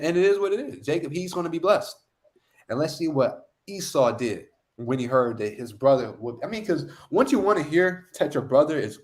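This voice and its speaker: A man leading a street-style scripture lesson, emphatic and slangy, with repeated catchphrases. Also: a little high. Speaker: lead street teacher.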